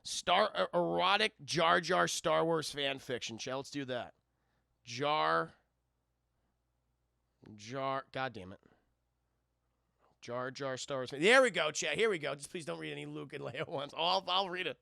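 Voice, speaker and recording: A man's voice: fairly high pitch, unhurried, gravelly, long pauses, bright, forceful tone, dry recording, studio quality. A man hosting a livestream in casual, giggly chat, swearing and talking to his chat. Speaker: livestream host.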